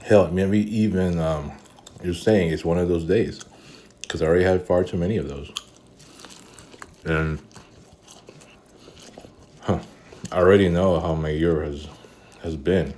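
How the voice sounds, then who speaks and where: Very deep-voiced weary man vlogging. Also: steady tone, a little slow, long pauses, warm tone. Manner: weary, rambling, many fillers and restarts; eating while talking. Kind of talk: casual vlog monologue.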